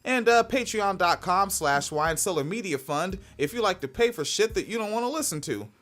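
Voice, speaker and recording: A woman's voice: lively intonation, moderate pace, a bit bright. A woman hosting a podcast in casual, profane chat, rambling and laughing often. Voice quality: fairly high-pitched voice. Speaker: podcast host.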